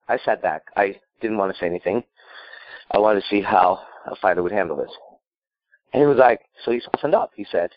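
A man's voice: lowish voice, big pitch swings, fairly quick, dry recording, muffled recording. A man working as a dating coach, answering a caller's question with emphatic, profane storytelling.

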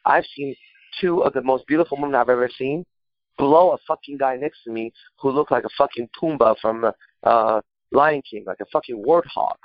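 A man's voice: mid-range voice, brisk, no room sound, dull audio. A man coaching on dating in a casual talk, telling stories with heavy swearing and emphasis. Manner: profane, emphatic storytelling.

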